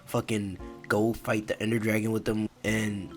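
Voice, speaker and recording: A man's voice: fairly low pitch, flat delivery, moderate pace, faint music behind. A young man narrating a casual story in a laid-back, profane way, full of fillers.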